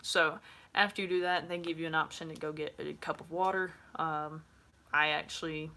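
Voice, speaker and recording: A woman's voice: deep voice, fairly even intonation, normal speed, sharp tone. A woman, talking frankly to camera in a casual vlog, with lots of fillers. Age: 20s. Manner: chatty, frank, many fillers. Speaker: vlogger.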